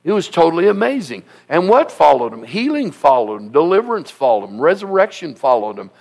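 Impassioned male pastor, high-pitched. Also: big pitch swings, brisk, vocal fry. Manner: emphatic, repetitive preaching with rising shouts. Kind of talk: sermon.

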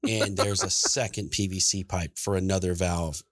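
A man's voice: sits low, steady tone, moderate pace, a bit bright, dry recording, clean studio sound. A middle-aged man co-hosting a podcast, telling rambling stories in casual chat and laughing often. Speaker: podcast co-host.

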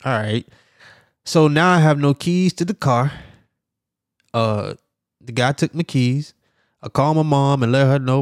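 A middle-aged man hosting a podcast who tells a story in an animated way, laughing often and acting out the sounds. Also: medium pitch, normal speed, no room sound, clean studio sound. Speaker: podcast host.

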